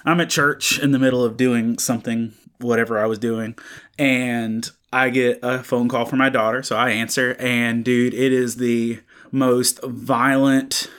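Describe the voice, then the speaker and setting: A man's voice: medium pitch, flat delivery, measured pace, fairly bright tone, clear, resonant tone. A man in his thirties co-hosting a comics podcast, telling a long anecdote in a casual chat with lots of fillers and restarts. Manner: rambling storyteller, many fillers and restarts. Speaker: podcast co-host.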